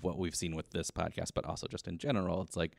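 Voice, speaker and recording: A man co-hosts a podcast in an easygoing, thoughtful way. His voice sits very low with a gravelly edge, and he talks quickly. The sound is dry. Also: little pitch movement, no room sound. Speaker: podcast co-host. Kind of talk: casual chat.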